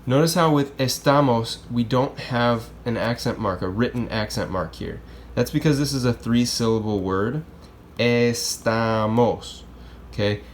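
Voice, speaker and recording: With a mid-range voice and few pauses, a Spanish teacher walks through grammar at a normal speed like a laid-back classroom instructor. His talk is loose and conversational, punctuated by frequent "okay?" and "right?" checks. A faint hiss runs beneath the recording.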